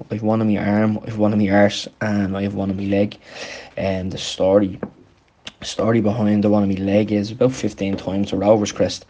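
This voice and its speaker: A man's voice: lowish voice, warm tone, slight background noise. A young man telling stories casually, rambling with lots of ums. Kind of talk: casual storytelling chat.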